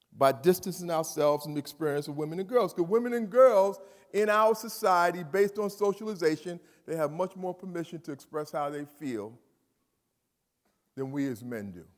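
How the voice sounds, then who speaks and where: Emphatic man talking in a big hall. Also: sits high. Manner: animated and emphatic, repeats phrases, asks the audience questions. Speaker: speaker addressing students. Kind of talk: motivational talk to a live audience. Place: large hall. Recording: reverberant hall.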